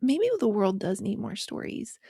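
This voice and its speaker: Gravelly-voiced woman podcast host. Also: mid-range voice, lively intonation, normal speed, mellow, no room sound, clean studio sound. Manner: chatty, with many filler "like"s. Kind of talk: conversational interview.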